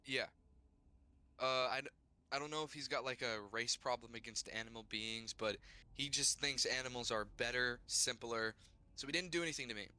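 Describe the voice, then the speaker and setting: A man's voice: medium pitch, moderate pace, bright, forceful tone, clean tone. A man recapping his character's adventure in a tabletop game, in a rambling, casual way full of "like" and restarts. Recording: faint music behind.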